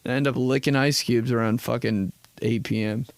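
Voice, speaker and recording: A man's voice: mid-range voice, fairly even intonation, normal speed, dry recording, studio quality. A young man hosting a podcast, telling rambling, profane comedic stories and slipping into put-on voices. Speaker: podcast host.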